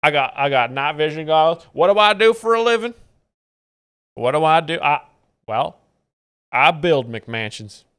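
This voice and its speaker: A man's voice: fairly high pitch, big pitch swings, measured pace, pauses often, fairly bright tone, clear, resonant tone. A man putting on a boastful rich Texan ranch owner with a swaggering Texan drawl. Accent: Texan, put on.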